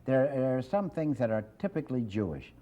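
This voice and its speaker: Older man, comedian guest, quick wisecracks, mellow tone, muffled lo-fi sound. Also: medium pitch, sing-song. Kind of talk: casual interview chat with joke-telling. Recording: dull lo-fi old TV recording.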